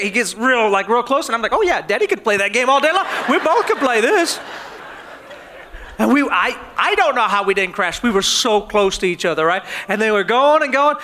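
A man preaching a sermon as pastor, telling animated stories and often laughing. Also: extremely high pitch.

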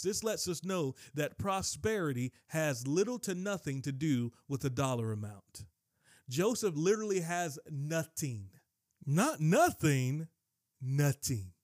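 A male preacher with a fairly high voice that leaps up and down with great liveliness. He drives the sermon with emphatic asides and climbs to near shouts, recorded close and dry. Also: no room sound. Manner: animated, emphatic, swings to shouting peaks; frequent asides to the congregation like "watch this".

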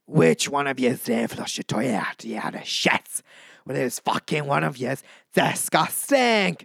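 A man's voice: medium pitch, animated, normal speed, vocal fry, fairly bright tone, husky, dry recording, clean studio sound, full character voice. A young man doing a crude, scolding mum with a put-on lilt. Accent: put-on Irish-Scottish lilt. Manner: blunt, crude, exasperated. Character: foul-mouthed mum scolding her daughters.

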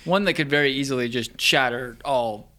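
Young male guest, casual storyteller, animated, laughs easily, mid-pitched. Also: moderate pace. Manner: animated, laughs through the telling.

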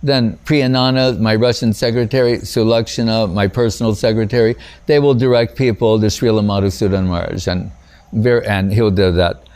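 A man's voice: on the low side, steady tone, normal speed, a little mellow, clear, resonant tone. A man giving an informal spiritual talk as a teacher, rambling through stories, often saying "you know" and chuckling at himself. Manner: rambling and anecdotal, frequent "you know", breaks off and restarts; chuckles at his own stories.

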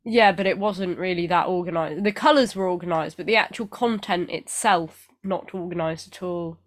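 A woman co-hosting a casual podcast chats in a rambling, self-deprecating way, full of fillers, while she gets over an illness. Her voice is fairly low and her pace normal.

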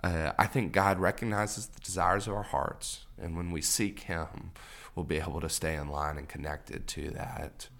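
A man's voice: low-pitched, fairly even intonation, normal speed, gravelly, fairly bright tone. A man co-hosting a faith-based podcast, talking earnestly with repeated encouraging phrases. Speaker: podcast co-host.

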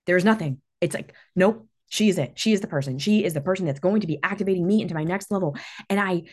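Speaking fast with a breathy edge and a pitch on the low side, a woman who coaches business and hosts a podcast delivers a solo motivational talk. Her tone is intense and emphatic, full of swearing, and trembling with feeling.

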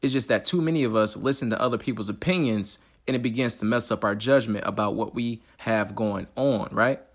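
A man's voice: lowish voice, a little fast. A young man hosting his own motivational talk show, chatting in a casual, upbeat way with slang and fillers. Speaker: podcast host.

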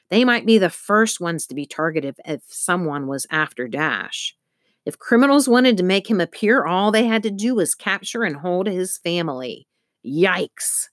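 Low-voiced woman reading a storybook. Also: no room sound, studio quality. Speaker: narrator. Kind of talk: audiobook narration.

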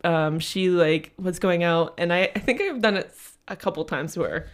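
A woman's voice: lowish voice, normal speed. A young adult woman co-hosting a casual podcast, telling a rambling story and laughing often. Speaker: podcast co-host. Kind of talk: casual chat.

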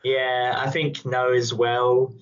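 A man chats casually on a podcast, rambling playfully and laughing often. His mid-range voice is monotone and slow, and the recording has a dull lo-fi sound.

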